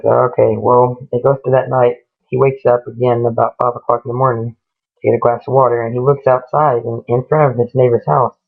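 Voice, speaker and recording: Flat, gravelly man telling a ghost story. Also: mid-range voice. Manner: rambling, retells dialogue with frequent "he goes", "she goes". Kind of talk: casual spoken ghost story. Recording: tinny lo-fi phone-like recording.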